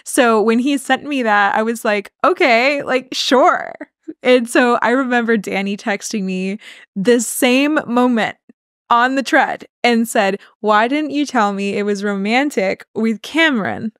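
A young adult woman co-hosting a podcast, telling a personal story in a casual, animated way, laughing often and acting out what people said. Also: a little high, measured pace, dry recording, clean studio sound. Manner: animated, laughing, quotes people in acted voices. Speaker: podcast co-host.

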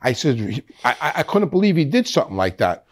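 A man's voice: mid-range voice, big pitch swings, fast talker. A man in his sixties, a guest in an interview, rambling through a story with many restarts. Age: 60s. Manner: rambling, frequent restarts, acts out quoted voices.

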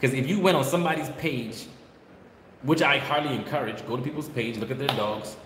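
A man's voice: medium pitch, fairly quick. A man who breeds dogs, talking casually and bluntly, scolding viewers and repeating his points. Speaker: dog breeder. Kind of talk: casual vlog talk. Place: kennel with dogs barking behind. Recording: echoey room, noisy background.

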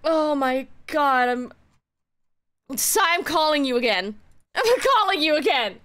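A woman streaming and chatting, giddy, laughing a lot and swearing as she talks in excited bursts. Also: high-pitched, slow. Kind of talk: excited casual stream chat.

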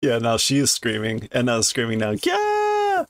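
A man, a native English speaker, casually reads a comic aloud on stream, amused and explaining the story as he goes. His medium-pitched voice is flat and a little fast, with no echo.

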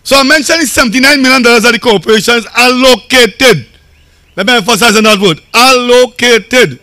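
Trinidadian man, council chairman at a rally; high, bright voice, dry close sound; chatty and anecdotal. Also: fast, no room sound. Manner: conversational, storytelling, repeats phrases. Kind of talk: campaign rally speech.

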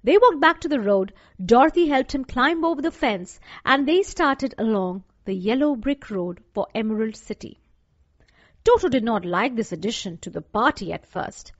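A woman reading a children's story aloud for a class lesson, clear and deliberate. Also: a little high, expressive, dry recording. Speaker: teacher. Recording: dull dry lo-fi recording.

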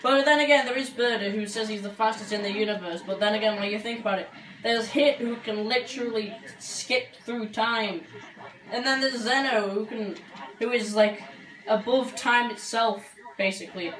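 A woman's voice: on the high side, normal speed, fairly bright tone. A woman commentating gameplay in a chatty, joking way, with many filler words. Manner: chatty, joking, says like a lot. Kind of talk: let's play commentary. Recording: echoey room, far from mic, game music.

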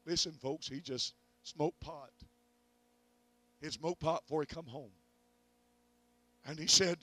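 A middle-aged evangelist preaching at a revival, telling a family story and rising to loud peaks of faith. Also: male voice, fairly high pitch, moderate pace, long pauses. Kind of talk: revival sermon. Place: church.

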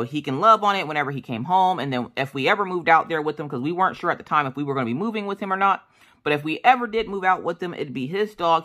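A middle-aged woman telling a personal story in a casual, animated way, acting out what people said. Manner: chatty, animated, acts out quotes in a high voice. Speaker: crafting vlogger.

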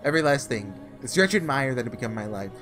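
A man's voice: medium pitch, big pitch swings, fast, music in the background, lightly acted. A man reading a visual novel aloud, voicing a tormented young man who cries out in raw, desperate anguish. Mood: bitter.

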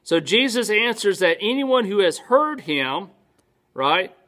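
A man's voice: sits high, very animated, slow, sharp tone. A male pastor teaching a sermon in a church, conversational, often asking his congregation questions and answering them himself.

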